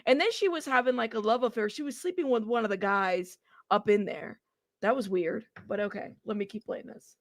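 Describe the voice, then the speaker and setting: A woman hosting a casual reaction commentary, chatty and animated, talking straight to her viewers and laughing often. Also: on the high side, brisk, dry recording, studio quality. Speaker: host of a commentary channel.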